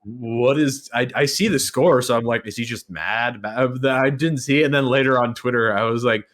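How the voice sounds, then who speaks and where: A man's voice: medium pitch, fairly even intonation, moderate pace, fairly bright tone. A man co-hosting a podcast in casual sports chat, laid-back, laughing often and swearing. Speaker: podcast co-host.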